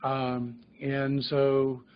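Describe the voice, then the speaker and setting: A man's voice: medium pitch, completely flat delivery, drawn-out words, muffled recording. A man giving a medical grand rounds lecture, explaining things through patient anecdotes. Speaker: physician lecturer.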